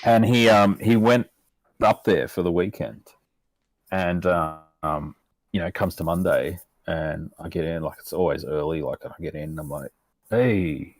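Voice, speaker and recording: Laughing Australian bloke telling a story. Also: male voice, deep voice, normal speed, dry recording. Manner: laughing, swears constantly, loose rambling delivery. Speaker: podcast co-host. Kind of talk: casual storytelling chat. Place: podcast recording room.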